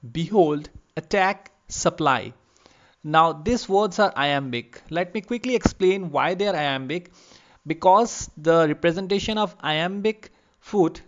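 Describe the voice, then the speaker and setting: A man giving an online literature lecture, explaining patiently and repeating terms slowly for emphasis. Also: fairly high pitch, lo-fi sound. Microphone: lavalier.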